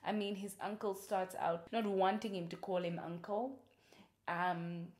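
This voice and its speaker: Young actress gushing about movies, laughs a lot, echoey room, middle-pitched. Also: female voice, steady tone, unhurried, darkish tone. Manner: chatty and gushing, laughs often. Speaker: host and actress. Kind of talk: casual film-recommendation chat. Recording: roomy echo.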